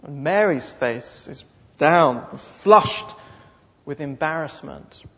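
A man's voice: on the high side, animated, slow pace, vocal fry, bright, forceful tone. A man preaching a sermon with dramatic storytelling and repeated phrases. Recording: dull lo-fi sound with long hall reverb.

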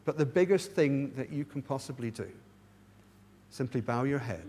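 A man's voice: mid-range voice, expressive, normal speed, a little mellow, big-room sound, slight background noise. A man preaching a sermon in a church, pleading earnestly with his listeners and often restarting his words. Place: church hall.

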